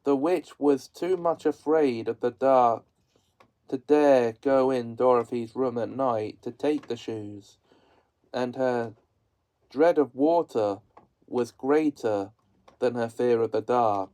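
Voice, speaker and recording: Male audiobook narrator, unhurried storybook reading. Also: medium pitch, dark tone, low-quality recording. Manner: slow, measured storytelling.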